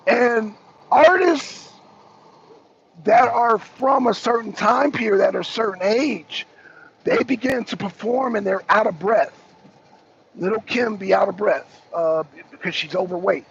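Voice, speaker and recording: A man's voice: high-pitched, measured pace, vocal fry, fairly bright tone, slightly rough. A man hosting a talk show, giving rambling, blunt opinion commentary with emphatic repeats and casual cursing. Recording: dull lo-fi sound with faint noise.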